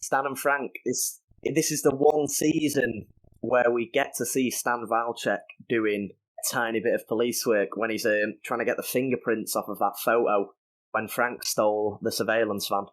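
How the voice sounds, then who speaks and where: A man's voice: mid-range voice, steady tone, normal speed. A man with a British accent talks as a podcast guest. His speech is loose and conversational, full of fillers as he chats. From Britain. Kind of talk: casual chat.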